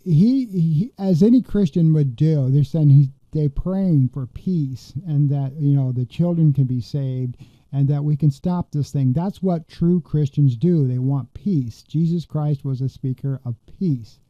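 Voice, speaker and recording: A man's voice: on the high side, a little slow, no room sound. Indignant podcast host man, dull dry sound. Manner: rambling, indignant, many fillers and restarts. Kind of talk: political commentary podcast.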